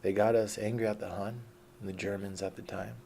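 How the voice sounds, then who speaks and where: Gravelly profane man ranting. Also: fairly low pitch, flat delivery, fairly quick, mellow, a little hiss or hum. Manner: profane, combative, mocking. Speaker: vlogger. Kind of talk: unscripted rant.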